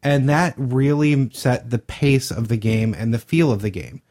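A man co-hosting a podcast, calmly breaking down what went well in a game he played. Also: medium pitch. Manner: measured, analytical praise. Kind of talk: casual podcast chat.

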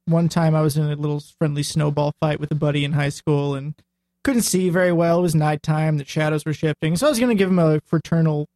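A man's voice: fairly high pitch, steady tone, fast, a little mellow, no room sound. A man co-hosting a podcast, dropping dry one-liners in casual banter. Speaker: podcast co-host.

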